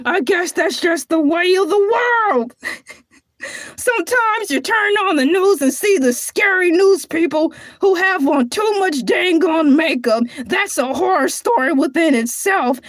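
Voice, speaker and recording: A woman voicing a boastful male cartoon shark who hosts a comedy show, squeaky and sing-song with frequent sighs. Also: no room sound, clean studio sound. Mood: mopey. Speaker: show host. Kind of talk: comedy character monologue.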